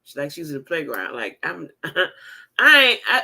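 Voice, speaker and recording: A woman in her fifties telling a story in a casual vlog, animated and emphatic, laughing as she talks. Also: sits low, a little slow, gravelly. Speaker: vlogger.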